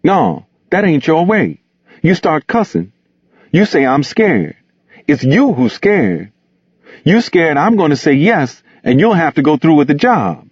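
A man's voice: fairly high pitch, wildly swooping pitch, a little slow, breathy edge, dry recording, lo-fi sound, pitched above the performer's own voice, heavily acted. A man putting on a proud, reproachful young man, Gus. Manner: reproachful, insistent. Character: hurt, proud young man pleading reasonably.

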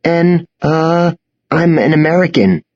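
Nervous teen boy, stammering pleas, male narrator raises pitch, husky. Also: very animated, a little slow, a little mellow, dull audio, exaggerated voice. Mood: pleading nervous. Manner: stammering, pleading. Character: scared teenage American boy, stammering.

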